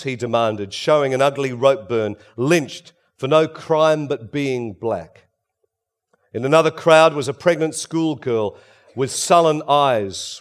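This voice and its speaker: A man preaching a sermon, swinging between loud emphasis and hushed, quiet passages. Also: mid-range voice, measured pace.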